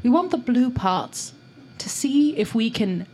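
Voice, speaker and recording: Woman doing a brisk, flirty frontier lady doctor, parody read. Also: on the high side, lively intonation, mellow, slightly rough, full character voice. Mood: matter-of-fact. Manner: casual, parodic reading with laughs.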